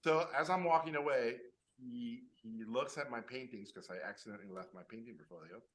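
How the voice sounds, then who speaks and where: Bright-voiced man telling a lively story. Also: mid-range voice, fairly quick, rough recording. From Mexico. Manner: animated storyteller, acts out quoted voices. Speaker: animation artist telling his story. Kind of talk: casual storytelling talk.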